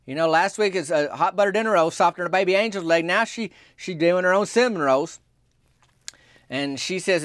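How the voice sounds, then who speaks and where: A man telling a comic story in a rambling, deadpan, folksy way. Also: high voice, brisk, no echo, studio quality.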